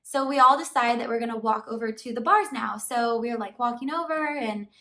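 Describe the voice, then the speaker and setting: A woman's voice: on the high side, fairly quick. A woman vlogger telling a storytime to camera in a casual, chatty way, peppering her talk with "like". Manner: chatty, fillers of "like" throughout, animated retelling. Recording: voice somewhat far from the mic.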